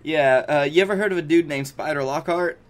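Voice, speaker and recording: A man's voice: on the high side, fairly quick. A man co-hosting a comedy podcast who plays it straight. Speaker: podcast co-host.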